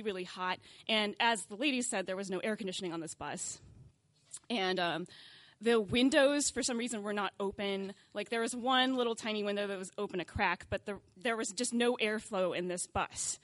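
A young adult woman telling a comic personal story, animated and self-mocking, acting out scenes and laughing often. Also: mid-range voice, no echo.

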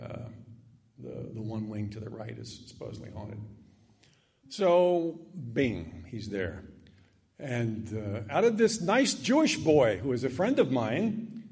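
An older man telling a story to a live audience on stage, animated and chatty, with asides and self-deprecating jokes. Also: mid-range voice. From Annapolis area. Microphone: stage microphone.

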